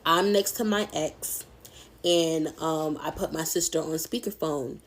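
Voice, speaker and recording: A woman's voice: low-pitched, measured pace. A young adult woman telling a personal story in a casual, candid, chatty way, swearing freely.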